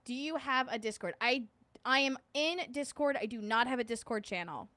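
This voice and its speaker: A woman's voice: fairly high pitch, normal speed, sharp tone, dry recording. A woman hosting a casual livestream, chatting with viewers. She reads their comments aloud, jokes and laughs often, and hums little filler tunes. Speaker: livestream host.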